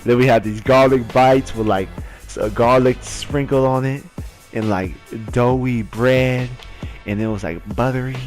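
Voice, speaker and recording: A man's voice: medium pitch, steady tone, a little slow, a little mellow, faint music behind. A young man telling a story casually, laughing a lot and acting out the voices and chants.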